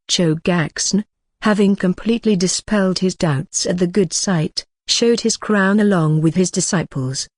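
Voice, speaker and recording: Audiobook narrator, mid-pitched, steady matter-of-fact read, dry close sound. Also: moderate pace, dry recording. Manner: even, matter-of-fact reading. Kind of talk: scripted narration.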